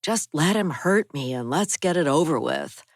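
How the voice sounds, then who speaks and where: A weak, despairing injured man whose voice comes out faint and low. The reading is close and dry. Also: lively intonation, normal speed, no echo.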